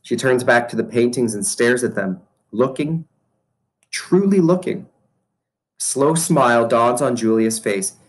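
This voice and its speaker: A man reading a children's novel aloud in a steady, plain storytelling manner. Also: medium pitch, moderate pace, few pauses. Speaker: reader.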